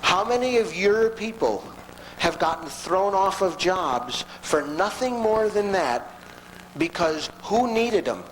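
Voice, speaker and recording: A man giving a storytelling lecture to an audience in a folksy, animated way with frequent asides. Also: high voice, slow, a little hiss or hum, poor audio.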